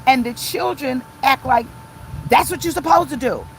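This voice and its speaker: A middle-aged woman pastor giving an impassioned, emphatic, repetitive live-streamed sermon from inside a car, pausing to read viewer comments. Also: high-pitched, slight background noise, poor audio.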